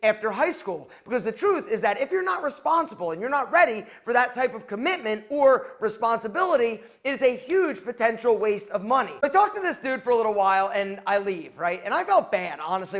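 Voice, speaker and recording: High-voiced man giving chatty life advice. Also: very animated, a little fast, few pauses. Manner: chatty, advice-giving, acts out quoted exchanges. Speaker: YouTube host. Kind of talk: casual storytelling to camera.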